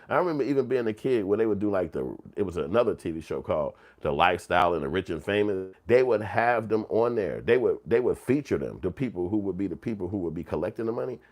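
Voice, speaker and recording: Low-voiced man telling profane stories. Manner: animated storytelling, swearing and slang. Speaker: commentary show host. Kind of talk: casual profane commentary.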